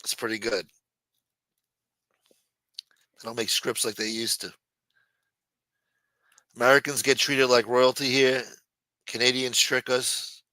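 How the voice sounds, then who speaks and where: A man's voice: medium pitch, steady tone, takes it slowly, long pauses, bright, forceful tone, no echo. A man hosting a live show, ranting bluntly in profane casual commentary. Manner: blunt, ranting, reads news aloud, quotes scenes in a Mafia-style voice.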